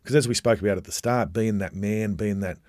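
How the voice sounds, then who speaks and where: A middle-aged Australian man speaking openly in a casual chat, halting and restarting as he talks. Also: lowish voice, darkish tone, no echo, clean studio sound. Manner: halting, many restarts, candid. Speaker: guest, former rugby league captain.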